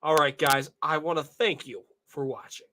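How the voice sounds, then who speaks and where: A man's voice: fairly high pitch, steady tone, normal speed, sharp tone. A young man in his twenties hosting his channel, talking earnestly and emotionally to viewers and repeatedly asking "all right?". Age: 20s. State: emotional, tearing up. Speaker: channel host. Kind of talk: casual monologue to viewers.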